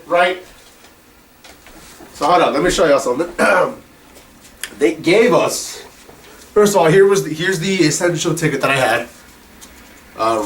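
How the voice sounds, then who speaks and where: A man's voice: fairly high pitch, a bit bright, a little hiss or hum. A young man giving a casual, profane film review, rambling with lots of fillers, a little distant from the mic. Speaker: movie reviewer.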